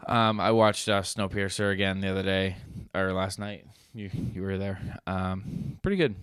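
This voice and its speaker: A man co-hosting a podcast, chatting casually and telling stories with animated, swearing energy. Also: low-pitched, unhurried, smooth, no echo, clean studio sound. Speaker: podcast co-host. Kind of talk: casual chat.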